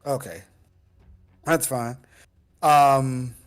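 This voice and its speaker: A man playing a tabletop game, talking casually and hesitantly with many pauses and restarts. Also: mid-range voice, steady tone, clear, resonant tone, soft background music. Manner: hesitant, lots of ums and restarts. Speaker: player.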